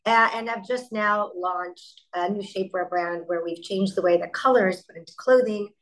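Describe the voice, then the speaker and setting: In this interview conversation, the guest is a middle-aged company founder whose medium-pitched voice comes through a rough recording. She tells her stories animatedly, tossing in quick asides.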